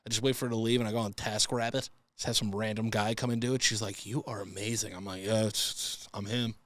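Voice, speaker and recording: A man's voice: fairly low pitch, steady tone, fast, a bit bright, dry recording. A young adult man hosting a podcast, telling comic stories in a profane, exasperated rant. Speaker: podcast host. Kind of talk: comedic storytelling monologue.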